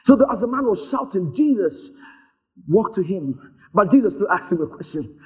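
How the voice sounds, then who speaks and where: A man preaching a sermon, telling stories in an animated way and slipping into voices for the people in them. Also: high voice, moderate pace. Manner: animated storytelling, acts out voices.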